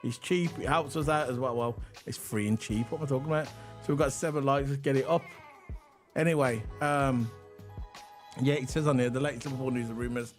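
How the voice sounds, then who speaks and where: A man's voice: medium pitch, fairly even intonation, a little fast, soft background music. A man co-hosting a casual livestream, chatty and rambling, hyping the chat and reading transfer news. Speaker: livestream co-host.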